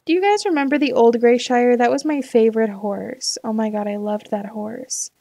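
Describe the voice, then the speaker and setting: A woman's voice: a little high, moderate pace, warm tone, no room sound. A young woman chatting casually while playing a game, rambling and talking herself in and out of choices. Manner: rambling, indecisive, talks to herself. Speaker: gaming YouTuber. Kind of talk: casual let's-play chat.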